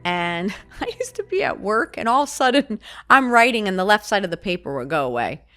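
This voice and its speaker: A woman, a podcast guest, telling a personal story in an animated way and acting out the lines she quotes. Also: mid-range voice, brisk, soft background music. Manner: animated, acts out quoted dialogue.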